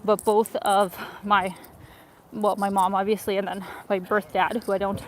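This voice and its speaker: Streaming live from her phone on a footbridge in a wintry city, a woman from Ukraine reads viewer messages aloud and chats cheerfully as she walks. She speaks at a moderate pace in a medium-pitched, level voice, with street noise, passers-by and an accordion player around her.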